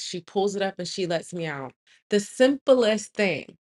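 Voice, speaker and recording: A woman host telling a personal story in a loud, animated, emphatic way. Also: mid-range voice, moderate pace. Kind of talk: casual storytelling.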